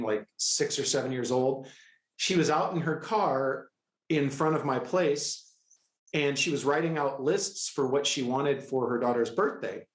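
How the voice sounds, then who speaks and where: A middle-aged man telling a personal story with excitable, animated energy, often breaking into quoted dialogue. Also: medium pitch. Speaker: guest, healer. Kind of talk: storytelling in a conversational interview. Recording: echoey room.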